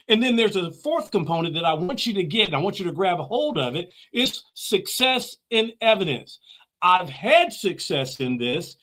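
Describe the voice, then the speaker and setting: A man's voice: high voice, fairly bright tone. A man hosting a motivational talk, speaking emphatically, repeating key phrases and answering his own questions. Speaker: host.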